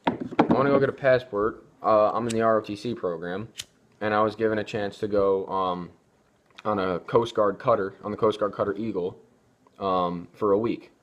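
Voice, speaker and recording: A young man with a fairly low voice gives his views in a loose, rambling way. He trips over his words and keeps restarting his sentences. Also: steady tone, moderate pace, muffled recording, a little hiss or hum. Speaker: vlogger. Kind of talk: casual opinion talk.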